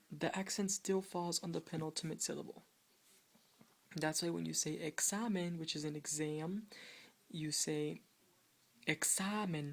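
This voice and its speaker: A woman teaching a video lesson on Spanish grammar rules, explaining patiently and haltingly, often restarting phrases and pointing at written words. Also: sits low, vocal fry, slightly rough.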